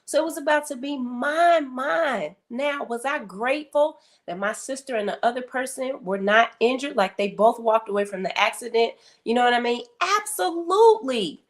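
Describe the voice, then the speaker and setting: A woman's voice: fairly high pitch, normal speed, few pauses. A middle-aged woman, a guest speaker on grief, telling a story and acting out the people in it. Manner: animated storyteller acting out quotes. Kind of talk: storytelling interview talk.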